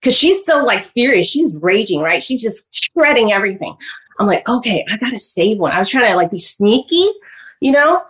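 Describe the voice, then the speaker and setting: Woman, podcast guest, lively storyteller, slightly high voice, chatty. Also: moderate pace. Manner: animated, chatty, full of "like" and "you know". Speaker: guest author. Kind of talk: personal storytelling in a podcast interview.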